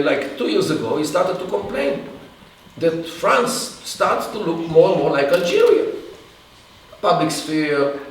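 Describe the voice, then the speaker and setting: Man, halting lecture answer, restarts, distant mic, roomy echo, faint hiss. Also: fairly high pitch. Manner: halting, restarts and long pauses. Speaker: guest speaker. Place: event hall. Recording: echoey room from far off, faint hiss.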